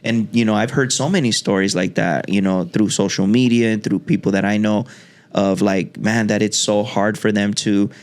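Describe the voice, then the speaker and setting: A low-pitched man musing on a podcast. He talks in a relaxed, reflective way, often stopping and starting over. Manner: reflective, talks in halting restarts. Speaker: podcast host. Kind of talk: casual podcast conversation.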